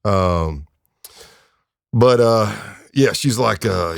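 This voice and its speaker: A gravelly, low-voiced man, a retired undercover agent appearing as a podcast guest, tells anecdotes at a normal speed. He's laid-back and wry, laughing as he goes. The clean studio recording has no room sound.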